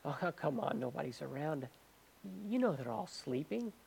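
A man's voice: on the high side, big pitch swings, moderate pace, creaky, darkish tone, a little hiss or hum. A man doing a cocky young suitor. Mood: coaxing. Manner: coaxing, pleading.

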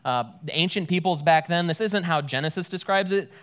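A man's voice: on the high side, brisk, fairly bright tone. A man giving a casual, conversational Bible teaching, thinking aloud and correcting himself as he goes.

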